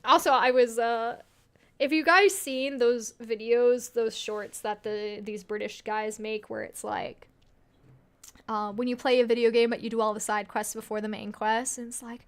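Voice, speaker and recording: A woman's voice: fairly high pitch, fairly even intonation, moderate pace, clean tone. A woman streaming a narrative game, reading its text aloud and chatting with her viewers, laughing often. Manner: giggly, chatty, reads chat aloud.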